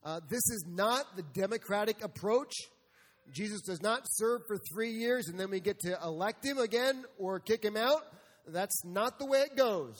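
A man's voice: high voice, lively intonation, normal speed, long reverb tail. A male pastor preaching a sermon, emphatic and full of rhetorical questions, sometimes acting out God's voice. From United States. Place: church sanctuary.

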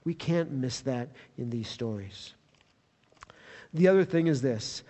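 A man preaching a sermon as a pastor, telling the story in an animated way that swells with excitement. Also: mid-range voice, a little slow, in a large hall.

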